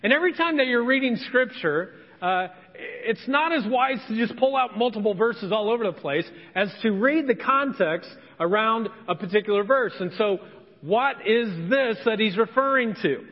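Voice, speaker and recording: A man's voice: high voice, animated, moderate pace. A pastor from Indiana preaching a conversational sermon, acting out the voices of people he quotes. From Indiana, USA. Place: church sanctuary. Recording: echoey hall, dull lo-fi sound.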